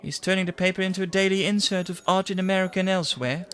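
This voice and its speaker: A man voicing a young female newsroom secretary who talks in a sarcastic, dismissive way, his voice pushed well up in pitch. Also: fairly even intonation, very fast, clean tone, natural voice. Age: young adult.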